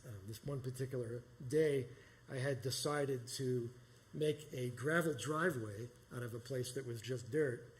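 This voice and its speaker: In a small performance space, a middle-aged New York man recounts a personal story live at a measured pace. His voice is medium-pitched, and his delivery is rambling and conversational, full of restarts.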